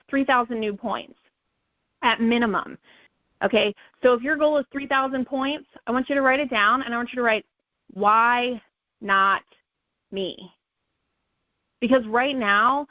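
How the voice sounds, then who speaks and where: A woman's voice: a little high, dry recording, dull audio. A woman leading a sales team call, giving an emphatic, repetitive motivational pep talk. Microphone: call or conference audio.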